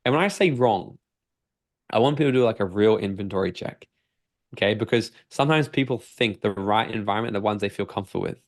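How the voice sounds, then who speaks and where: Energetic Australian coach, swearing freely. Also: male voice, lowish voice, fast. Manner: energetic, swears freely, acts out his own inner voice. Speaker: personal development coach. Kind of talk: podcast interview guest.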